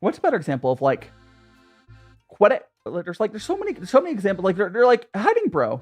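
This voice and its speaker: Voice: mid-range voice, huge pitch swings, fast, darkish tone, soft background music. A young adult streamer chatting casually over tea, rambling and greeting viewers by name. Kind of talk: casual chat while drinking tea.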